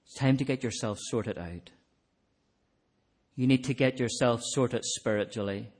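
A man preaching an evangelistic sermon, earnest, swelling to emphatic peaks and then dropping to soft, quiet appeals, closing in prayer. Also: mid-range voice, measured pace.

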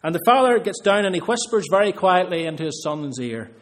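A man's voice: sits high, quick pace. A man preaching a sermon, earnest, building emphasis through repeated phrases.

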